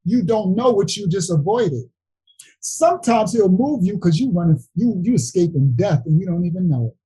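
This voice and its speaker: A man with leading a livestream Bible study, preaching in an animated, emphatic way straight to his viewers. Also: sits high, normal speed, breathy edge, poor audio.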